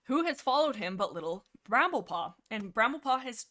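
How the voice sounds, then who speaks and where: A woman's voice: a little high, sing-song, normal speed, fairly bright tone. A woman hosting a casual book discussion livestream, reading passages aloud and gushing about them in a rambling way, often tripping over character names. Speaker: livestream host.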